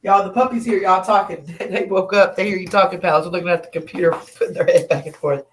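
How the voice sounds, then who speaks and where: A woman's voice: lowish voice, steady tone, fast talker, a little hiss or hum. A woman hosting a late-night livestream from home, rambling, laughing and getting drowsy. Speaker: livestream host. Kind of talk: late-night casual chat. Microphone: laptop or phone mic. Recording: echoey room.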